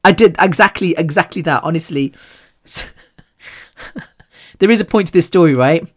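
Animated, chatty woman telling stories. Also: normal speed. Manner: animated and chatty, with frequent laughs and big swings in pitch. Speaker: podcast host. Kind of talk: solo personal storytelling.

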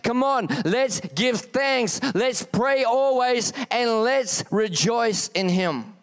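Impassioned high-voiced male preacher. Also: lively intonation, extremely slow, clear, resonant tone. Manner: passionate, rising and falling emphasis with repeated exhortations. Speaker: pastor. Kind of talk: sermon. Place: church.

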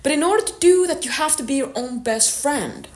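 A woman's voice: high voice, lively intonation, brisk, a little mellow. A woman fitness coach giving a blunt, candid motivational monologue and swearing now and then. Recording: echoey room.

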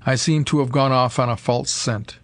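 Doctor Bird, a brisk scientist, read by a man. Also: mid-range voice, fairly even intonation, no room sound, close to an everyday voice. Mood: decisive. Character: brisk, determined male scientist-detective.

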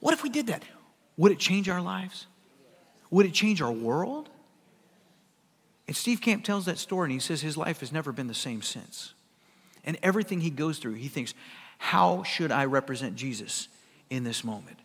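A middle-aged man preaches in a casual yet emphatic way, pressing his listeners with rising questions. His voice sits somewhat high for a man. A long hall reverb hangs behind every phrase. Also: big pitch swings, normal speed, pauses often, slightly rough. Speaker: pastor. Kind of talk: sermon.

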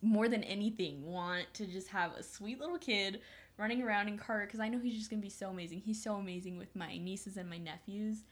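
A woman's voice: medium pitch, brisk. A young woman chatting as a podcast guest, gushing and giggly, with lots of fillers. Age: young adult. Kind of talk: casual chat.

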